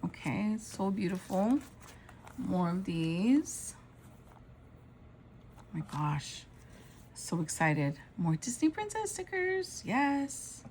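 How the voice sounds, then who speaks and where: A woman's voice: medium pitch, very animated, takes it slowly, pauses often, a little mellow, slight background noise, poor audio. A woman vlogger narrating a casual show-and-tell of craft supplies, gushing and exclaiming over each item.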